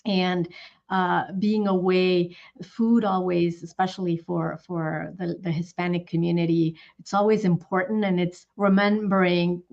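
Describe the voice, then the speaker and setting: A woman's voice: lowish voice, level tone, a little slow, darkish tone. A woman hosting an interview, speaking reflectively with frequent restarts and repeated words. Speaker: host. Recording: dull lo-fi call audio.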